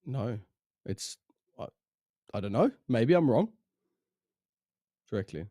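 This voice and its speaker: A man's voice: medium pitch, big pitch swings, slow pace, warm tone, no echo. South african guy casting esports, chatty and laughing, voice bouncing all over, dry close sound. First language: Afrikaans. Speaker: esports caster. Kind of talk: casual chat between games.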